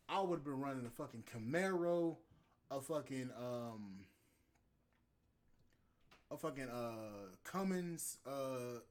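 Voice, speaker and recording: A man hosting a podcast, ranting in a heated, profane, rambling monologue. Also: medium pitch. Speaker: podcast host. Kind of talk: casual podcast rant.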